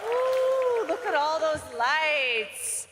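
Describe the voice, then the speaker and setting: A woman's voice: high-pitched, big pitch swings, very slow, very noisy. A woman working the crowd at a live event, interviewing fans on a handheld mic with a bubbly manner that hypes everyone up. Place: large indoor arena among the crowd. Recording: roaring arena crowd behind.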